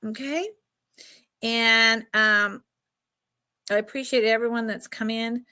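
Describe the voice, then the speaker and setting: A woman's voice: fairly high pitch, steady tone, takes it slowly, bright, forceful tone, clean tone. A middle-aged woman hosting a casual live jewelry sale, chatty and emotional, often laughing. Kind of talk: casual live stream selling.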